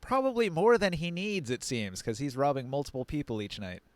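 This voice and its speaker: A man's voice: on the high side, lively intonation, fairly quick, a little hiss or hum. A man narrating as game master on a live stream, playful and rambling, with laughing asides into a close mic.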